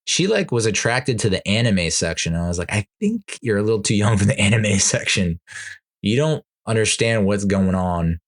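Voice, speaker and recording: A deep-voiced man chatting alone into a podcast mic, telling stories in a loose, rambling way. He laughs between sentences and breaks into exasperated asides. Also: animated, moderate pace. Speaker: podcast host. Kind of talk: casual solo podcast chat.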